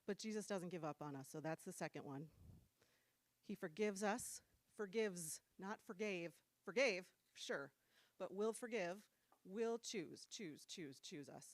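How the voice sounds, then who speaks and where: Middle-aged woman preacher from New Jersey: chatty, animated, dry close sound. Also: lowish voice, unhurried, dry recording. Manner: animated, self-deprecating, laughs often. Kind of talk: casual storytelling sermon. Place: church room.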